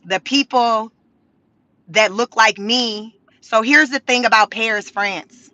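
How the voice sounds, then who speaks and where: A woman's voice: a little high, takes it slowly, no room sound, muffled recording. A woman vlogger telling stories in a car, talking casually with lots of slang, cursing and laughter. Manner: animated, profane, laughing, slangy. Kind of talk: casual storytelling to camera.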